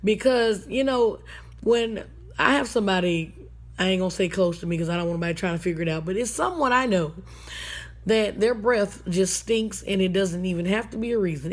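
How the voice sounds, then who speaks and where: A woman's voice: medium pitch, moderate pace. A woman hosting a radio talk segment, talking bluntly and sassily in a casual monologue. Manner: blunt, sassy, colloquial.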